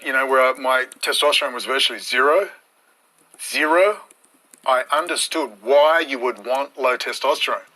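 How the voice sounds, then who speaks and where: A man's voice: medium pitch, pushed and bright, rough recording. A man, ranting bluntly and combatively on a live stream, swearing freely.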